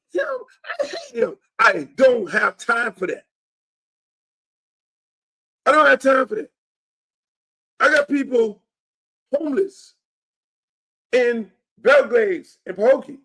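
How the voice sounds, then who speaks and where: This man's voice sits high and sounds a bit bright. He hosts his own show and delivers a casual political monologue about his run for office, blunt, emphatic, profane and repetitive.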